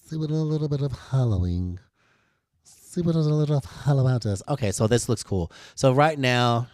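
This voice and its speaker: A man's voice: medium pitch, lively intonation, moderate pace, darkish tone, no room sound, studio quality. A man hosting a live design tutorial, talking to viewers in a playful, sassy way.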